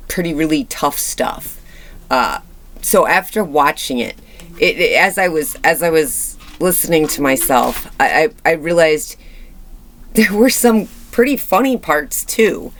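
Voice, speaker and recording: Thirties woman vlogging, chatty and halting, full of ums and restarts, reflective. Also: low-pitched, lively intonation, a bit bright. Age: 30s. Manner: candid and reflective. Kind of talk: rambling personal vlog.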